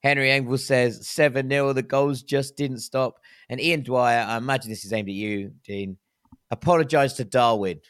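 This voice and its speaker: A man in his thirties hosting a football podcast, relaxed and jokey, reading out listener comments. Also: mid-range voice, normal speed. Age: 30s. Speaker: podcast host. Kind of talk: casual football podcast chat.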